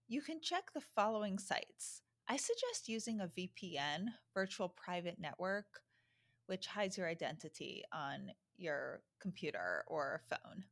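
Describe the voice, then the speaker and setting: A woman giving an informational announcement for a social media account, deliberately spelling out web addresses. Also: medium pitch.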